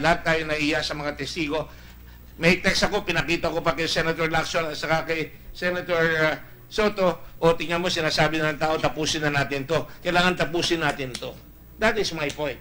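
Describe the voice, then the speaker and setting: Man, Filipino accent, Senate committee chair, indignant and emphatic, fairly high voice. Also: bright, forceful tone, rough recording. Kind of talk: formal statement at a Senate hearing, mixing Tagalog and English. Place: Senate hearing room.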